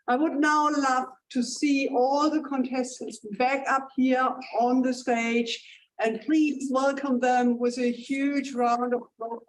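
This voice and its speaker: High-voiced German-accented woman emceeing. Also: rough recording. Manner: playful, self-teasing asides. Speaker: contest chair. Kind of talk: emceeing a speech contest. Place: stage in a contest hall.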